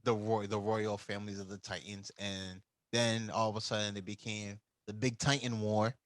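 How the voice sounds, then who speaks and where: A man's voice: fairly low pitch, flat delivery, normal speed, dry recording, rough recording. A man co-hosting a podcast, casually recapping an anime plot and acting out the characters' lines. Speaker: podcast co-host.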